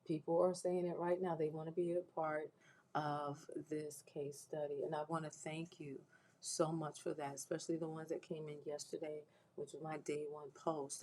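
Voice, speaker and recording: A woman's voice: sits low, level tone, normal speed, dark tone, slight background noise, poor audio. A woman hosting a faith-based livestream, making an earnest, preacherly appeal with frequent restarts, emotional and close to tears. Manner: earnest, repeats herself with restarts, preacherly encouragement. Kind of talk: heartfelt spoken appeal to viewers.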